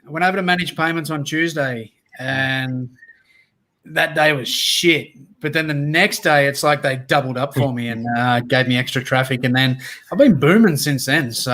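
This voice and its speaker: A man's voice: on the high side, fairly bright tone. An Australian man co-hosting a live stream, joking and laughing a lot in casual chat. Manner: jokey, laughs often, swears casually. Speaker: co-host of a live reselling show.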